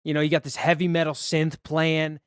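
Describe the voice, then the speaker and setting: A man with a somewhat high voice retells a movie in casual podcast chat. He rambles a little and acts out the characters' lines as he goes. The recording is dry, with no room sound. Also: monotone, a little fast, clear, resonant tone, no room sound. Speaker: podcast co-host.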